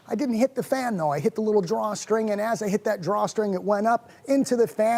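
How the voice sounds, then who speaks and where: A man hosting a wellness show, telling a story about his morning in a casual, animated and self-mocking way. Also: sits high, brisk, vocal fry, hardly any pauses.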